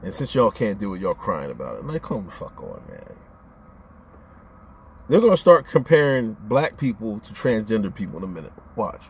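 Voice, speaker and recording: A man's voice: fairly low pitch, very animated, normal speed, husky. A man ranting on his own channel in a casual, profane, rambling way, often stammering as he restarts his sentences. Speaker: vlogger. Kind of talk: casual rant to camera.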